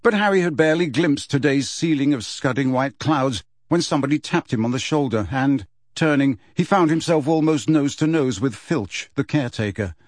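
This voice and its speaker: An audiobook narrator, male, reads a children's fantasy novel aloud as scripted narration in a measured storytelling manner. His voice is mid-range, and the clean studio recording has no room sound.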